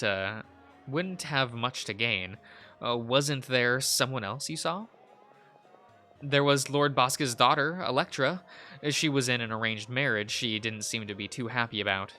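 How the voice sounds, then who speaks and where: A young man reading a visual novel aloud as a let's play host, halting often with fillers and restarts. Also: medium pitch, pushed and bright, faint music behind.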